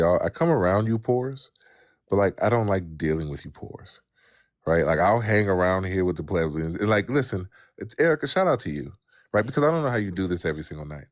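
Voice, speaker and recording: A man's voice: deep voice, no echo, studio quality. A man mocking a caller in a live call-in debate, with sarcastic, mock-aristocratic put-downs.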